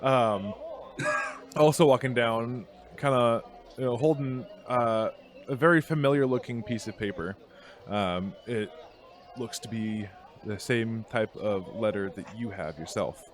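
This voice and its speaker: A male game master narrating a tabletop session over a video call. He talks at a middling pitch, stopping often to search for words and laughing along the way. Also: crowd noise. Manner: halting, many ums, laughs often.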